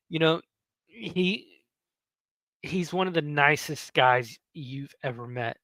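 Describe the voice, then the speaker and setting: A man in his thirties, a podcast host, telling a story in a casual, animated way, swearing and laughing as he goes. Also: a little high, slow, no echo. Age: 30s.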